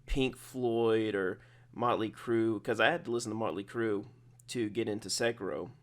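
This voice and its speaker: A man's voice: on the low side, fairly even intonation, moderate pace. A young adult man hosting a gaming channel, giving casual video game commentary in a rambling, digressive way, often correcting himself and partly reading from his own post.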